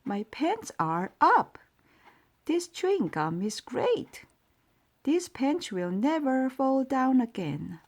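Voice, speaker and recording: A woman voicing a cranky old male mouse from a children's storybook, shouting in panicky cries. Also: high-pitched, sing-song, slow pace, voice pushed up, exaggerated voice. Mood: delighted. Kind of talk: storybook character voice.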